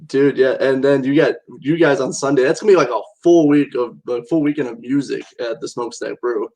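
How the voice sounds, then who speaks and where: A man's voice: medium pitch, a little fast, low-quality recording. A man hosting a radio interview show, chatting casually with short reactions and easygoing slang. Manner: relaxed, brief reactions, friendly slang.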